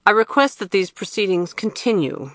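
A storybook narrator voicing a hostile woman accuser who speaks harshly and forcefully. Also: mid-range voice, slow, no room sound, studio quality. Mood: furious.

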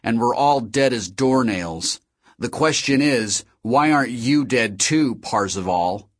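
A man's voice: mid-range voice, moderate pace, fairly bright tone, slightly rough. A man reading an audiobook, voicing a young woman who speaks with barely contained rage. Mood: angry. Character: young adult woman fighter, angry and sharp.

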